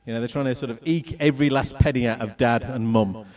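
A man's voice: medium pitch, fast talker, distant mic. Man telling his story, heard from afar. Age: middle-aged. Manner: animated storytelling, acts out voices and moments. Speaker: speaker telling his testimony. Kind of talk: personal testimony talk with slides.

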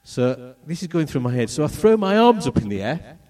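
A middle-aged man from England telling a personal testimony with slides, in an animated storytelling manner. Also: a little high, fairly quick, distant mic. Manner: animated storytelling, acts out voices and moments. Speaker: speaker telling his testimony.

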